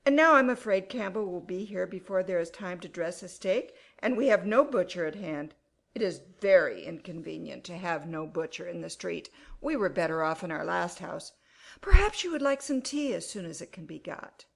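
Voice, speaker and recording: A woman's voice: fairly low pitch, lively intonation, normal speed, creaky. An actress playing an anxious, fussing middle-aged mother in an audiobook dramatization. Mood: fretful.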